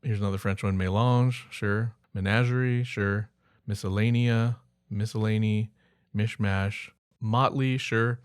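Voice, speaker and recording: A man's voice: fairly low pitch, steady tone, unhurried, clear, resonant tone, no room sound, clean studio sound. A man co-hosting a casual podcast, reading word lists aloud and musing about them with hesitant asides. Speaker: podcast co-host. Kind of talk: casual chat.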